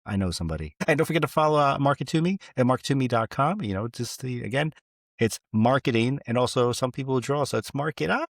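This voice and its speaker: A man hosting a podcast interview, talking in a relaxed, playful way with some "uh" fillers. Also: medium pitch, fast talker, no echo, studio quality. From United States. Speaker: podcast host. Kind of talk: casual interview chat.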